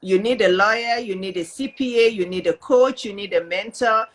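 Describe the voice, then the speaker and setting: A woman hosting an interview as a business coach, talking in an animated, emphatic way and reading out viewer questions. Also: mid-range voice, normal speed. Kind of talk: casual interview chat.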